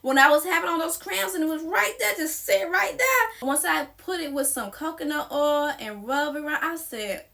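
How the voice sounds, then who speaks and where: A high-pitched, bright-voiced young woman talks straight to her viewers like a close friend. She is sassy and playful, with a casual vlog delivery. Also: expressive, moderate pace, creaky, few pauses. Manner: sassy, playful, addresses viewer as girl and sis. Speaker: wellness vlogger. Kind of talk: casual chatty advice vlog.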